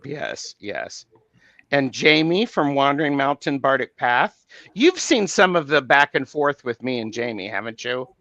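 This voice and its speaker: A man's voice, bright and forceful, joins a casual chat as a guest. He speaks in a measured, friendly way with plenty of ums, and the sound is close and dry. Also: mid-range voice, animated, no echo, muffled recording. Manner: measured, friendly, praising others with many fillers.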